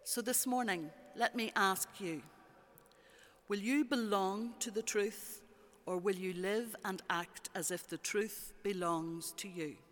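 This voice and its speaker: A preacher giving a measured, rhetorical sermon with repeated phrases, recorded in a church. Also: mid-range voice, a bit bright. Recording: long church reverb.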